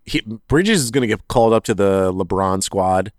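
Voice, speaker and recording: A man co-hosting a podcast, chatting casually in a rambling, animated way and often correcting himself mid-sentence. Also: deep voice, moderate pace, dry recording, studio quality. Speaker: podcast co-host. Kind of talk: casual sports chat.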